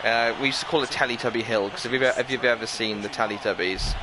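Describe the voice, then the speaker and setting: A man in his twenties hosts his channel, rambling through a long story to camera and laughing along the way. He speaks quickly at a medium pitch over steady background noise.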